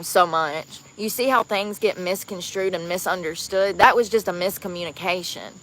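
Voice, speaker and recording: A woman's voice: fairly low pitch, sharp tone. A woman livestreaming outdoors on the street, chatting casually and rambling to her viewers.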